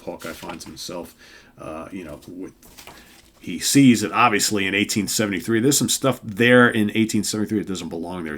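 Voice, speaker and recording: A man's voice: deep voice, fairly bright tone. An older man hosting a casual comic read-through, rambling and checking in with "right?" and "of course". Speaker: comic book reviewer host.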